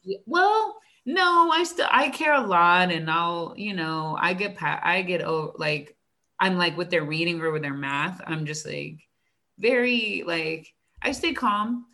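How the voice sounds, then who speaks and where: A young woman, a teacher, chatting casually and acting out her students and herself in animated stories. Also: on the low side, measured pace. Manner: animated storytelling, acts out student dialogue, frequent "like". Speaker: elementary school teacher. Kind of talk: casual chat.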